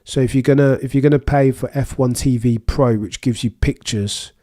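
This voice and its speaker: This livestream host is a young man from England speaking with a Birmingham accent in a medium-pitched, mellow voice, at a moderate pace with fairly even intonation. He chats casually with watchalong viewers during a live race, reading comments and quipping dryly.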